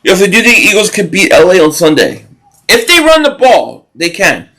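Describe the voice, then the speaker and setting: In a low-quality recording, a man with a high, bright, forceful voice talks briskly while his pitch swoops wildly. He's hosting a football watch party on a live stream, chatting loosely, reading comments from viewers, reacting to the action, and often beginning sentences again.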